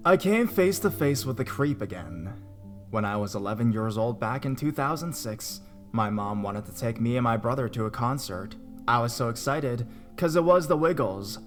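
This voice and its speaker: A man reading a horror story aloud in a dramatic style, his voice climbing higher and louder at the tense moments. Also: expressive, moderate pace, faint music behind. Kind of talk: scripted horror story narration.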